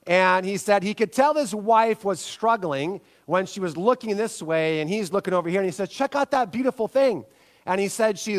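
A middle-aged man with a high voice preaches to his congregation. He tells stories in a lively way, jumping up in pitch to act out what people said. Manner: animated storytelling, acts out quotes with big pitch jumps. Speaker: pastor. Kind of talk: sermon.

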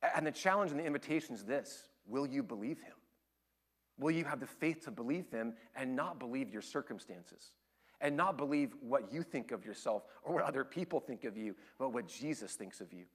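A man preaching a sermon as pastor, swinging between loud, excited storytelling and quiet, earnest appeals. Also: medium pitch, brisk, husky.

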